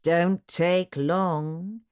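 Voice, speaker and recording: A woman reading an audiobook, voicing a lecherous man in a slow, insinuating drawl. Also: on the low side, fairly even intonation, darkish tone, clean tone. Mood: leering. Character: leering, lecherous man, middle-aged.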